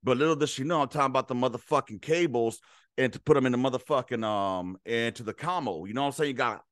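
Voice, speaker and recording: A man's voice: mid-range voice, fairly quick, no room sound, studio quality. A man hosting a podcast alone, ranting in a profane, heated and rambling way. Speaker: podcast host. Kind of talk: casual ranting monologue.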